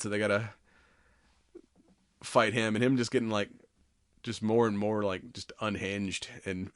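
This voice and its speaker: Male podcast host, low voice, excited swearing storyteller, dry sound. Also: no echo. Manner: animated retelling, swears a lot. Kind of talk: casual chat.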